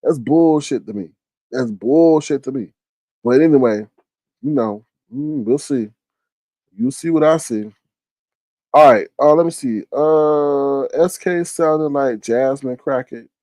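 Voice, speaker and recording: A man hosts a casual live stream, reading viewers' messages aloud and answering them by name. His talk is loose, slangy and blunt, at a middling pitch. The sound is dry and close, with no room around it. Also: slow pace, warm tone, no room sound.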